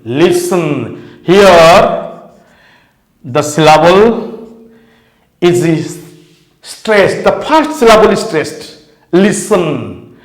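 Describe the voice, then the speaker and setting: Indian english teacher guy, high voice, super slow, echoey room. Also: a bit bright. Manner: slow, deliberate, repeats words and spells letters out. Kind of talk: slow classroom grammar lesson.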